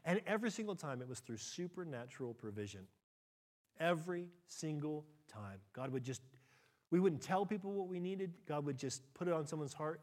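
Male pastor, middle-aged, slightly high-voiced, expressive sermon delivery with dramatized quotes. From United States. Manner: animated preaching, acts out quotes with big pitch leaps, shifts from quick to slow.

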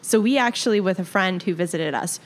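A young woman talking as a newlywed guest on a podcast, chatty and easygoing. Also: on the low side. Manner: chatty, easygoing, quick to laugh. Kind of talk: casual interview chat.

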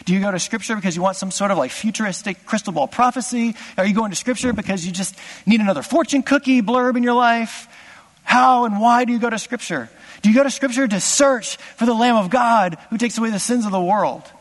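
A man preaching a sermon as pastor, impassioned, swinging from loud exclamations to hushed asides. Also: high-pitched, fairly quick, long reverb tail.

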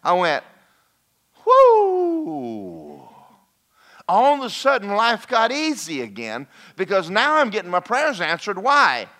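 A man preaching a lively sermon, folksy and animated, slipping into mock voices and asides to the congregation. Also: high-pitched, moderate pace, few pauses. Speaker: pastor.

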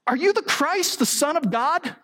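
A preacher acting out a shrill, outraged high priest. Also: male voice, expressive, moderate pace, pushed and bright, exaggerated voice. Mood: demanding. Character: indignant male high priest interrogating a prisoner.

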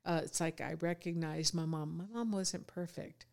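A woman in her fifties, a podcast guest, talking reflectively in a casual conversation and often pausing with fillers. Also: fairly low pitch, creaky, a little mellow. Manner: reflective, many fillers and restarts.

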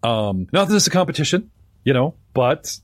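Very animated and brisk, the man's medium-pitched voice comes through with no room sound. He's a game master and podcast host from North America, rambling chattily as he presents the players in his live-streamed tabletop game.

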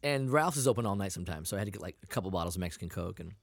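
With a deep, creaky voice and rapid-fire delivery, a man co-hosts a podcast, chatting casually and telling animated stories full of swearing. The recording is studio quality with no echo.

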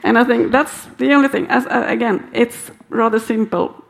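A woman speaking hesitantly as a panel participant, halting often as she thinks aloud. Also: a little high, fairly even intonation, gravelly. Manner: halting, many fillers and restarts. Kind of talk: hesitant conversational remarks.

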